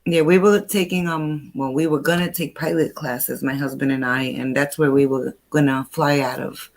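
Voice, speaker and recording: A woman's voice: low voice, moderate pace. Chatty older New woman. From New York. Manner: chatty, animated storyteller. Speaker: host. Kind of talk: casual chat.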